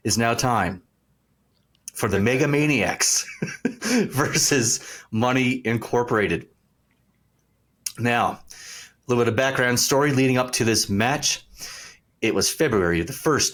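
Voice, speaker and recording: Deep-voiced man on a wrestling podcast. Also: a bit bright. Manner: jokey, playful storytelling. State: mouth burning from hot snacks. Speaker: podcast co-host. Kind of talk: casual podcast chat and recap.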